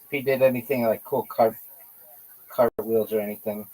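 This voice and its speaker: A man's voice: on the low side, steady tone, moderate pace, mellow, poor audio. A man hosting a livestream, chatting casually and teasing his friend in a playful way. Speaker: livestream host. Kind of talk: casual chat.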